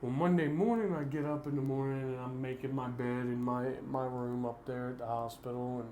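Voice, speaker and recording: A man's voice: mid-range voice, fairly even intonation, moderate pace, mellow. A man with a Southern US accent telling a personal story in a plain-spoken, earnest, rambling way. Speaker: vlogger. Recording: roomy echo, faint background hum.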